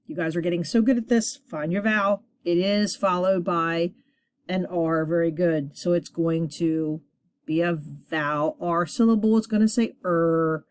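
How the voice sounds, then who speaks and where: A woman teacher leading a children's reading lesson, encouraging her class and sounding words out slowly at a board. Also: fairly low pitch, dry recording, clean studio sound.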